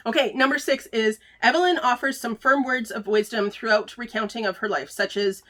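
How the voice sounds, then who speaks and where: Woman, book club host, casual review chat, fairly high voice, bright tone, lots of fillers. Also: normal speed. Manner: chatty, many filler words, laughs easily.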